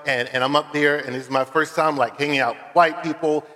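A man's voice: a little high, steady tone, a little fast, sharp tone. Earnest preacher man in a reverberant church. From Philadelphia, USA. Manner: conversational, earnest storytelling with casual fillers. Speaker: guest preacher. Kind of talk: sermon. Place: church sanctuary. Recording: long church hall reverb.

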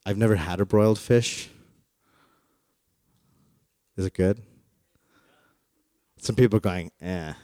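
A man's voice: on the low side, steady tone, slow, long pauses, mellow, no room sound, studio quality. A man preaching a sermon in a playful, joking storytelling way, acting out the quotes he reads. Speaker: pastor.

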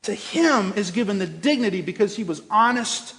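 A male pastor preaching a sermon in an earnest, gentle way with frequent pauses. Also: high voice, lively intonation, gravelly, big-room sound. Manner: earnest, gentle, pausing often. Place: church sanctuary.

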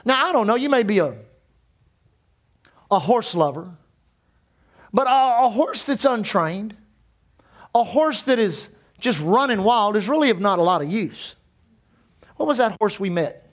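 A man's voice: high-pitched, animated, unhurried, pauses often. A man in his sixties preaching a sermon as pastor, emphatic and full of repeated declarations.

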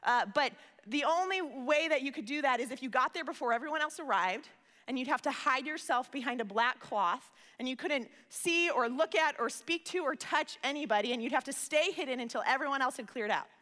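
A woman preaches in a high, bright voice that carries through a reverberant hall. She talks earnestly and conversationally, often doubling words as she begins a thought. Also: brisk. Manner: earnest, conversational, repeats words when starting phrases. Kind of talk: sermon.

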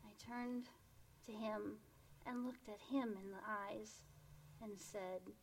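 A woman telling a personal story in a gentle, unhurried way, then guiding listeners through a quiet reflection, often dropping to a soft hush. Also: medium pitch, steady tone, slight background noise. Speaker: storyteller and meditation guide.

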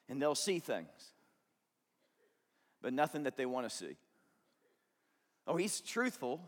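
A man's voice: high-pitched, a bit bright, big-room sound. A man preaching a sermon as pastor, conversational and joking, acting out quotes to the congregation.

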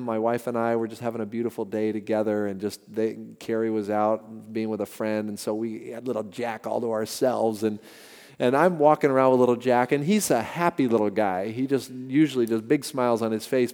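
Older male pastor, mellow warm voice, sermon with long hall reverb, animated storytelling. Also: medium pitch. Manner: animated storytelling with emphatic repetition.

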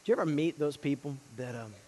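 A man preaching a sermon, swinging between loud emphasis and hushed, quiet lines. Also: fairly high pitch, fast, big-room sound. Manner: dynamic delivery, swinging from loud emphasis to hushed near-whispers. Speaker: pastor.

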